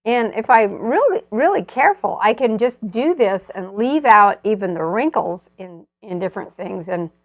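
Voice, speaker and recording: A woman's voice: mid-range voice, expressive, normal speed, few pauses, no echo, dull audio. A woman demonstrating an oil painting step by step, chatting and thinking aloud as she works. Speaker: painting instructor.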